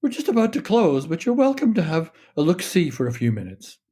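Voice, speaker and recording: A man's voice: a little high, sing-song, a little fast, warm tone, slightly rough, voice pushed up. A man reading the lines of a friendly middle-aged woman who runs a pet shop.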